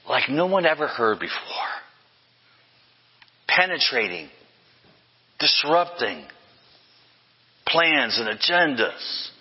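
Older male pastor, emphatic sermon delivery with refrains; husky tone, muffled hall recording. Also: mid-range voice. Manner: emphatic, with repeated refrains and self-corrections.

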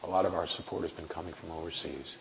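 Gravelly-voiced man preaching in an echoey hall. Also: deep voice, fairly even intonation, fast talker. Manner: conversational, earnest preaching with wry asides. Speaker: preacher and missionary. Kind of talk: sermon. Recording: echoey hall, dull lo-fi sound, faint hiss.

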